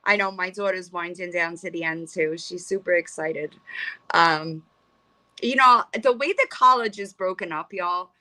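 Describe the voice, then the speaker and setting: A woman's voice: lowish voice, a little slow, pushed and bright. A middle-aged woman hosting a livestream, ranting bluntly and profanely and rambling with frequent restarts. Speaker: livestream host. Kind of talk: casual livestream rant.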